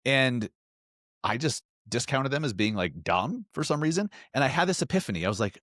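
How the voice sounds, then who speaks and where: Hosting a solo podcast, a man from the US Salt Lake area speaks with earnest emphasis and frequent restarts. His mid-range, slightly bright voice swings widely in pitch at a moderate pace, in clean studio audio with no room sound.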